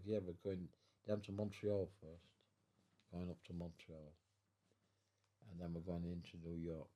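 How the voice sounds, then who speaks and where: A veteran in his nineties is interviewed at home about his life, and he rambles, repeats, restarts, and chuckles as he speaks. His voice is low and dark in tone.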